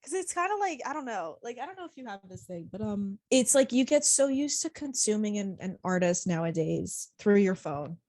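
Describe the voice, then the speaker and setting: A woman's voice: mid-range voice, big pitch swings, normal speed, hardly any pauses, a little mellow, dry recording. A young woman co-hosting a podcast, telling a story in casual chat, rambling, laughing often and swearing freely. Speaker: podcast co-host.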